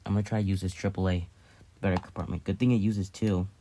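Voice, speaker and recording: A man's voice: low voice, little pitch movement, quick pace, warm tone. A man in a casual vlog, explaining a hobby build in a rambling way, restarting and correcting himself as he works on it. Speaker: hobbyist vlogger.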